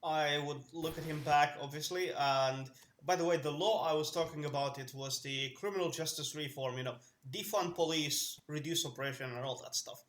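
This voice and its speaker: A man's voice: on the high side, moderate pace, fairly bright tone, echoey room. A man playing his character in a tabletop game, talking earnestly with many restarts. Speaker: player. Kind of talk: in-character tabletop role-play.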